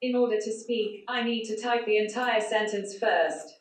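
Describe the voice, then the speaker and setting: Flat computer voice of a woman speaker. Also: medium pitch, moderate pace. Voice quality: flat synthetic computer voice without intonation. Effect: speech synthesizer. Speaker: conference speaker. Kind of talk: prepared talk read out by text-to-speech. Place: large conference hall. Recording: echoey hall, voice from far off.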